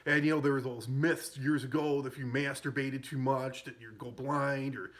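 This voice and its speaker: A man's voice: medium pitch, steady tone, moderate pace. A man casually recapping a comedy film, rambling and amused, with frequent fillers and self-corrections. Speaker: movie reviewer.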